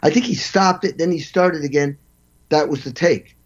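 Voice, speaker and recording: A man in an interview telling animated stories as a session drummer, acting out quotes and vocalizing drum parts. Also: fairly high pitch, normal speed, lo-fi sound. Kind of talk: storytelling interview.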